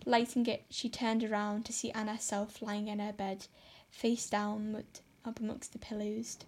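A woman narrating a classic novel in steady, measured storytelling. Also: mid-range voice, slight background noise. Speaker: audiobook narrator. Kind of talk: scripted narration.

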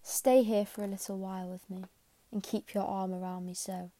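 A woman voicing a grieving, earnest orphan girl who pleads emotionally, in a mellow voice. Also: medium pitch, little pitch movement, normal speed, natural voice.

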